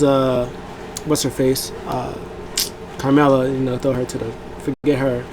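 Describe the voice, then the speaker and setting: A man's voice: medium pitch, a little slow, background noise. A man casually recapping a wrestling event as host of a review show, rambling with many fillers and acting out what people said. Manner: rambling, animated, many fillers, acts out quotes.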